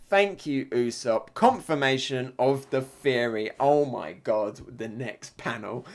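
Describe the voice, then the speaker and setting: A man giving a live reaction review of a comic chapter. He reads panels aloud, laughs often and gets excited at big moments. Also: medium pitch, slow, hardly any pauses.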